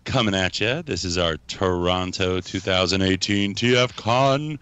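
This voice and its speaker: A man's voice: low-pitched, a little slow, fairly bright tone, clear, resonant tone. A man hosting a podcast in casual chat, giggling and teasing his co-hosts. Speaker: podcast host.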